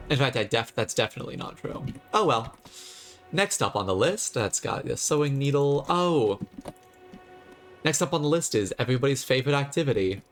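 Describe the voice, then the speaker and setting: A man commenting on his live gameplay, chatty and quick to toss off sarcastic jokes. His voice sits at an ordinary middle pitch. He talks straight to his viewers. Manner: chatty and jokey, sarcastic asides. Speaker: streamer.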